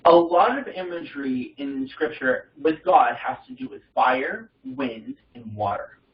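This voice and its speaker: A young man leading an informal Bible study, reading passages and commenting in a halting, rambling way with many fillers and restarts. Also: fairly high pitch, big pitch swings, creaky. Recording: distant mic in a roomy space, dull sound.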